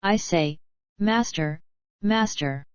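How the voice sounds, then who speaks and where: A woman's voice: lowish voice, takes it slowly, clean tone, no echo. A woman voicing a pious male cobbler who pleads and quotes Scripture, in a dry, slightly dull recording. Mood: pleading. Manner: pleading, preachy.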